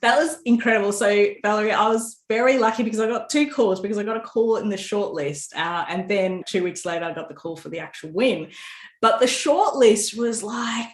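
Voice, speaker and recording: Animated woman storyteller, roomy sound. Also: mid-range voice, fairly quick. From Australia. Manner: animated storyteller, laughs often, many restarts. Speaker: author guest. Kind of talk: casual interview chat. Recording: roomy echo.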